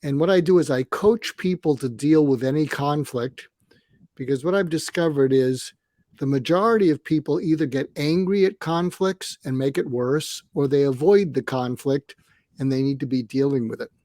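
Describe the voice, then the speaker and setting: A man in his seventies, a retired psychiatrist, calmly explaining conflict techniques on a podcast and acting out example dialogues. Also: fairly high pitch, normal speed, dry recording, clean studio sound. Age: 70s. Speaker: guest psychiatrist and coach. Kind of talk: conversational advice on a podcast.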